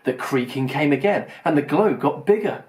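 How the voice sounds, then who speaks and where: A man's voice: a little high, animated, moderate pace, a little mellow. Man reading a children's audiobook. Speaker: audiobook reader.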